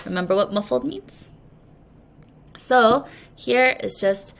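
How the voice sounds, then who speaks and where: A woman English teacher giving a recorded reading lesson, explaining slowly and patiently to young students. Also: medium pitch, vocal fry. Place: language academy.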